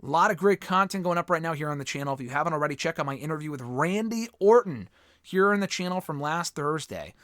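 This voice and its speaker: Answering fan questions alone in a casual mailbag format, this host speaks quickly and expressively in a slightly high, somewhat bright voice that's starting to give out. He rambles, states strong opinions, restarts sentences, and swears now and then. The sound is clean studio audio with no echo.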